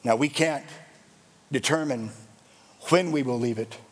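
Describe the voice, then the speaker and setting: A man's voice: mid-range voice, a little slow, slightly rough, long reverb tail. A man preaching a sermon as pastor, with an emphatic, repetitive cadence.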